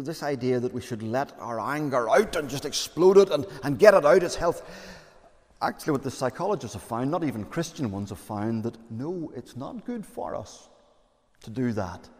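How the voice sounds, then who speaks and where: A man's voice: medium pitch, lively intonation, moderate pace, darkish tone. A man preaching a sermon as pastor, earnest and conversational, with fillers and repeated phrases. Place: church. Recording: long church reverb.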